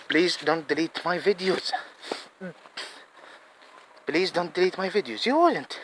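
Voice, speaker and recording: A man with a notably high voice delivers a rambling, emphatic monologue, pleading and circling back to the same points. The recording is noisy, with wind and outdoor clatter underneath. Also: animated, normal speed, long pauses, a bit bright. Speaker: vlogger.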